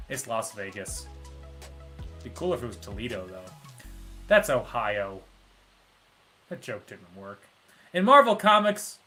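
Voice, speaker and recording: A man with a rather high, sharp voice runs a casual live trivia stream. He reads out the answers and fills the gaps with wry jokes and asides.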